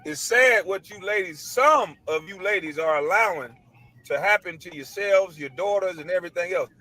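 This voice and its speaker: High, bright-voiced man ranting emphatically. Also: moderate pace, poor audio. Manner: emphatic, preachy, repeats his points; blunt, casual slang. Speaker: online commentator. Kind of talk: ranting monologue to camera. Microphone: computer mic.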